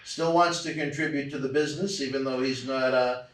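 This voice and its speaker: A man's voice: mid-range voice, steady tone, brisk. A man hosting an interview, asking friendly questions and offering brief affirmations. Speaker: interviewer, host. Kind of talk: casual interview. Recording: echoey room, distant mic.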